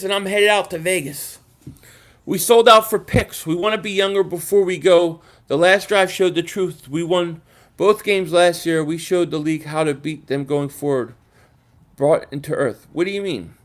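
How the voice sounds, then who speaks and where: Man, high voice, frustrated, rambling livestream host. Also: a bit bright. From Philadelphia area. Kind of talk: casual livestream rant reading chat.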